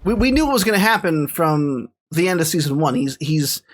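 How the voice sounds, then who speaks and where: A man's voice: on the high side, big pitch swings, fairly quick. A man co-hosting a casual podcast, rambling enthusiastically with lots of restarts. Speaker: podcast co-host. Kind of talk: casual chat.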